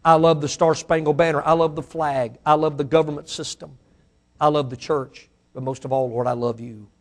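A pastor with a Mississippi Southern accent preaching a sermon, his voice swelling to fiery shouts and then falling to a hushed prayer. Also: mid-range voice. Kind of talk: sermon with altar call.

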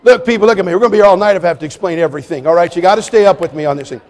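A male preacher with a high-pitched voice delivers a sermon. He tells stories with comic timing. He swings between loud, lively bursts and hushed, pleading appeals. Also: rapid-fire. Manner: animated, joking storytelling with sudden drops to quiet appeals.

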